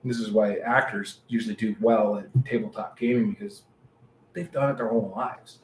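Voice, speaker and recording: A man co-hosting a casual podcast, an animated storyteller who acts out the people he quotes. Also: on the low side, fairly quick, slight background noise. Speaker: podcast co-host. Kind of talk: casual chat. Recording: echoey room with faint ambience.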